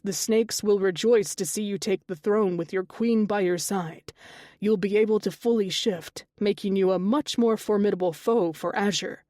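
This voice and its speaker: A woman voicing a wry, easygoing male shaman with a gravelly edge, speaking in a teasing, reassuring way in an audiobook. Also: medium pitch, moderate pace, warm tone, dry recording, studio quality, lightly acted. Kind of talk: audiobook character dialogue.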